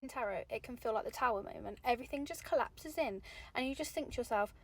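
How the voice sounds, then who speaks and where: A woman's voice: a little high, fast talker. A young woman giving candid, chatty motivational talk to camera, swearing casually. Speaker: vlogger.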